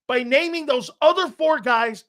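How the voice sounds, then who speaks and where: A man's voice: extremely high pitch, measured pace, a bit bright. A man ranting in a heated, profane sports commentary, emphatic and fired up.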